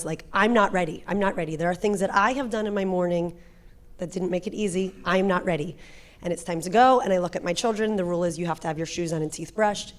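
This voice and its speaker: A woman, a working mother, giving a frank and animated personal testimony in church. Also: medium pitch. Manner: frank, animated confessional storytelling. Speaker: guest speaker, pastor's wife.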